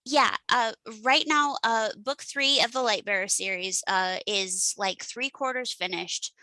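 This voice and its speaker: Woman, guest author, from Western New York, bright tone, halting self-mocking chat. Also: fairly high pitch, no echo, rough recording. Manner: scattered, self-deprecating, many ums and uhs. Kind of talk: casual podcast chat.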